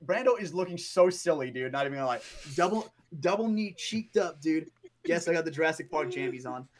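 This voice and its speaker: A man co-hosting a podcast, telling a story in a lively, profane way and often adding "right?" and "bro". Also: a little high, fairly quick. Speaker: podcast co-host. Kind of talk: casual storytelling chat.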